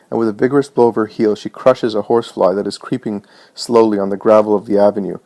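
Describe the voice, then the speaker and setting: Low-voiced man narrating a religious text. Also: fairly even intonation, fast, dark tone. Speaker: reader.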